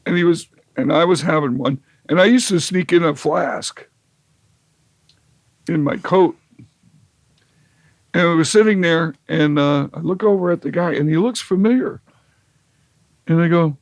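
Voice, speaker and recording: A man's voice: a little high, a little slow, long pauses, no echo. A man telling a long, wry, rambling story as an interview guest, with lots of fillers and restarts. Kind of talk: casual storytelling.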